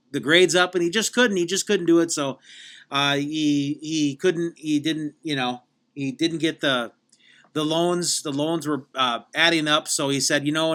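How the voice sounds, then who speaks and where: A man hosting a podcast, telling a mock life story in a rambling, halting way with many restarts. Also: on the high side, a bit bright. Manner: halting, full of fillers and restarts. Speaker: podcast host.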